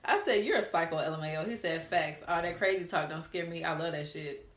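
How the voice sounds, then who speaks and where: A young woman chatting through a storytime, candid and quick to curse as she reads old text messages aloud. Her voice sits a little low, and the room around her rings with echo. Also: fairly bright tone. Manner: candid, cussing, chatty with asides to viewers. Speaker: storytime vlogger. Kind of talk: casual storytelling, reading out texts.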